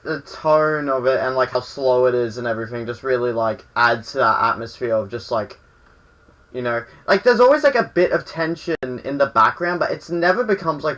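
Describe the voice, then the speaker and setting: A man's voice: medium pitch, expressive, normal speed, a bit bright, rough recording. An Australian man, a guest on a film podcast, rambling casually with lots of fillers. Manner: rambling, lots of "like" and "you know".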